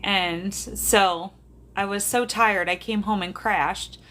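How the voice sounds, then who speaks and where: Bright-voiced chatty woman livestreaming. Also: medium pitch, steady tone, slow pace. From South Dakota. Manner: chatty, laughs often, talks to viewers. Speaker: livestream host, medium. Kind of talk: casual livestream chat. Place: bedroom at home. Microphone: phone or camera on a tripod.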